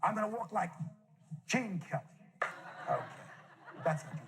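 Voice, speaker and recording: A man's voice: high-pitched, animated, moderate pace, very noisy. A man doing brash, joking stage comedy for a live audience.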